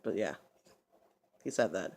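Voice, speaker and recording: A man's voice: sits low, animated, a little slow, vocal fry, darkish tone. A man vlogging, telling a story in a loose, rambling way full of cursing and stumbling restarts.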